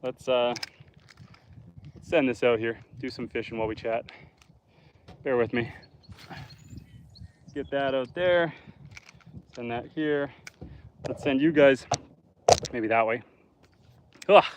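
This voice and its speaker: A man's voice: mid-range voice, slow pace, pauses often, a little hiss or hum. Casting note: laid-back male homesteader from northern Canada, live-streaming by a lake, chatty and joking with viewers. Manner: chatty, joking, talks to chat while fishing. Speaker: homesteader and livestreamer. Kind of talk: casual live stream chat. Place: outdoors by a lake.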